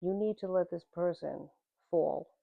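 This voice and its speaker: Low-voiced woman, tinny phone-like audio. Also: unhurried, vocal fry, no echo. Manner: direct, plain-spoken, calls the listener "man" and "honey". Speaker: tarot reader. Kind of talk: tarot reading addressed to the viewer.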